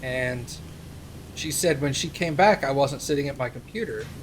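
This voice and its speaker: A man's voice: medium pitch, normal speed, a little hiss or hum. A young man, a streamer, telling a rambling story in casual chat, with plenty of fillers. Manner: rambling anecdote with many fillers.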